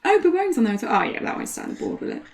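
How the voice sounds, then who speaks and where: A British woman chatting through a card game match as co-commentator. She teases her partner and giggles easily, and her pitch swings up and down with a lot of life. It sounds like relaxed, playful banter between friends. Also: rapid-fire, creaky. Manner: giggly, teasing, animated. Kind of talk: casual commentary chat.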